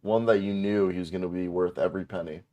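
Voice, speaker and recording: A man's voice: deep voice, fairly even intonation, quick pace, a little mellow. A man co-hosting a basketball podcast in casual chat, teasing and joking. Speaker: podcast co-host.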